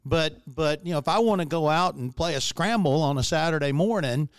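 A man's voice: a little high, brisk, clean tone, no echo. A man in casual conversation who talks in a wry, opinionated way and slips in dry jokes. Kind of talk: casual chat.

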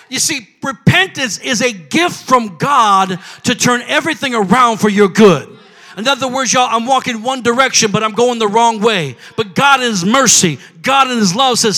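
A man preaching a sermon as pastor, calling out to his congregation and rising to shouts. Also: very high-pitched.

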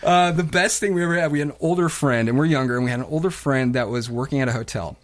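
A man telling a prank story in casual podcast chat, animated and quick to laugh. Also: medium pitch.

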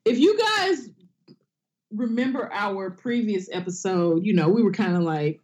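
Co-hosting a casual, comedic podcast, a woman speaks at normal speed in a medium-pitched voice. She's lively and foul-mouthed, performing quotes in big, exaggerated voices.

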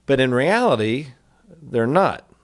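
Middle-aged male radio host, folksy and chatty, mid-pitched studio voice. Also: big pitch swings, unhurried. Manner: folksy, addresses listeners as folks. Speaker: financial advisor radio host. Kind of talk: casual radio talk.

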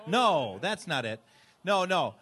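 A man with a fairly high voice tells a joking story to a live audience. His pitch swings widely, and he talks in a teasing way. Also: big pitch swings, slow, fairly bright tone, slightly rough. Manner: jokey, teasing. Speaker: host.

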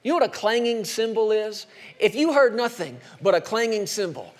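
A man preaching a sermon as pastor, slowing down and dropping soft for emphasis, then rising for punchlines. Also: sits high, expressive. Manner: dynamic preaching, slows and drops soft for emphasis, rises for punchlines.

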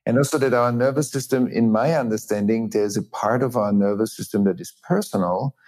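A middle-aged man, a teacher and facilitator, explaining ideas earnestly in an interview with many pauses and restarts. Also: on the low side, darkish tone. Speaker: teacher and trauma-healing facilitator, guest. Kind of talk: reflective interview talk.

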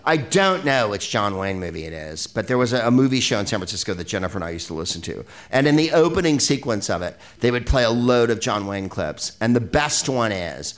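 A man's voice: fairly low pitch, big pitch swings, a little fast, few pauses. A man hosting a podcast in a rambling, comic, profane talk about old films, full of digressions and laughing asides. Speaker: podcast host. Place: live venue with an audience.

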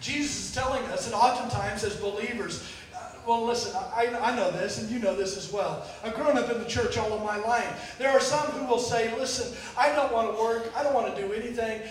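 High-voiced man preaching in an echoey church. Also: a little fast. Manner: storytelling, animated with sudden shouts and quiet drops; repeats words and restarts often. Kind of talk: sermon. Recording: echoey hall from far off.

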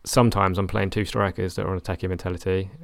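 A man's voice: sits low, level tone, fast talker, vocal fry, dry recording. A young man talking casually about his football management game, rambling and correcting himself with a wry tone. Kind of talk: casual chat.

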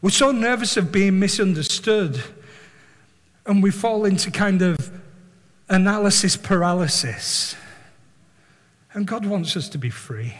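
A man preaching with animated earnestness, often repeating words as he builds his point. His voice is high for a man. Long reverb fills a large hall around him. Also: unhurried, long pauses. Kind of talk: sermon with storytelling.

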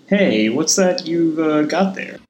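A man's voice: a little high, expressive, slow pace, a little mellow, dull audio, a little hiss or hum. A man playing a naive, curious young guy in a comedy ad skit who asks a lot of questions. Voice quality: wide-eyed, questioning. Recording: echoey room with faint music.

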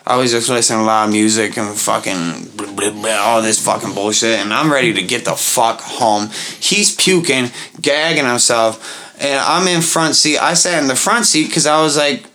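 A man's voice: mid-range voice, normal speed, pushed and bright. A young man, co-hosting a podcast and telling a rambling, profane night-out story in casual chat, acting out other people's voices as he goes. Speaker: podcast co-host.

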